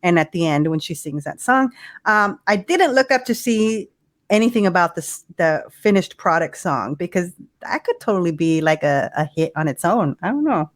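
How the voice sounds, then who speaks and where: A woman co-hosting a podcast in casual chat, animated and swearing freely, laughing often. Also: fairly low pitch, moderate pace, no echo, clean studio sound. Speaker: podcast co-host.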